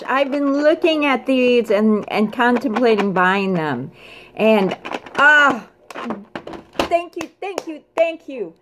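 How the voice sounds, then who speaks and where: Excitable woman, higher voice, slow casual unboxing chatter, prone to delighted squeals. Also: noisy background. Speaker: craft vlogger.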